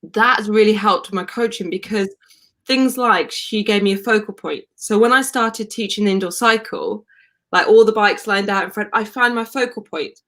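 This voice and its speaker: A woman, a wellness coach and podcast guest, chatting animatedly and telling stories over a video call. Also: mid-range voice. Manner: chatty, animated storytelling, quick to laugh.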